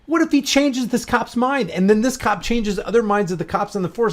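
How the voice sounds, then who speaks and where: A man giving reaction commentary on a video, excitable and full of restarts and asides. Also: high-pitched, moderate pace, few pauses.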